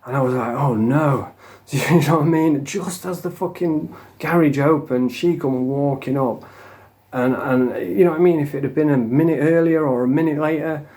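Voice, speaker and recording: An English vlogger with a Northern accent and a fairly high, mellow voice speaks at a normal speed. Coming off drugs, he tells a rambling, emotional story full of swearing, repeatedly saying "you know what I mean".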